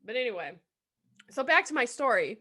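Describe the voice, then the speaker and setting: Bright, animated woman podcast co-host. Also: fairly high pitch, fairly quick. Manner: animated storyteller, swearing, putting on silly voices for animals. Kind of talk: casual podcast chat.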